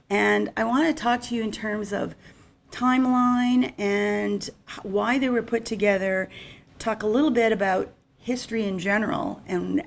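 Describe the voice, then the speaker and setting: A woman's voice: mid-range voice, gravelly, slight background noise. A middle-aged woman giving an unscripted, conversational conference presentation on insurance. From Canada.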